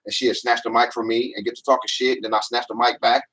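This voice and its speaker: A man who is a comedian telling loud, laughing stories in a casual chat, jumping into high voices to quote people. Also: little pitch movement, fast, slightly rough. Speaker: comedian guest. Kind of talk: animated storytelling in casual chat.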